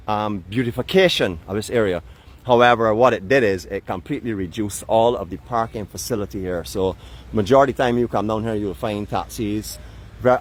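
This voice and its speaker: A middle-aged man from Barbados with a Barbadian accent, hosting a live walking tour, chatty and playfully teasing his viewers. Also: fairly low pitch. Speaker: vlog host and walking guide. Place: outdoors by a seaside port in a town.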